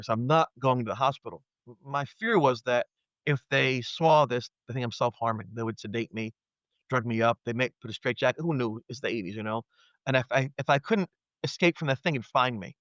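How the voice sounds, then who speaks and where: A man's voice: medium pitch, steady tone, fast talker, fairly bright tone, clean tone, no room sound. A man in his fifties, a podcast guest, telling a personal story earnestly and acting out his own past thoughts. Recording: dry, dull lo-fi audio.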